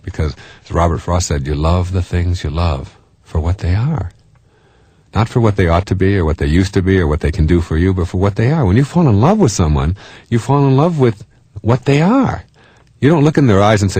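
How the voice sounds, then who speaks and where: A man's voice: low voice, brisk, darkish tone, slightly rough, no echo. A man giving a motivational talk in a conversational way, often chuckling and acting out the voices of people he quotes. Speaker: self-help speaker.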